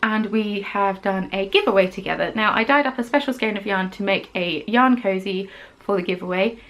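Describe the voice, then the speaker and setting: A woman's voice: mid-range voice, moderate pace, fairly bright tone, poor audio. A woman hosting a craft podcast, chatting casually as she shows off her handmade pieces, gushing and rambling with frequent ums. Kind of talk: casual show-and-tell chat.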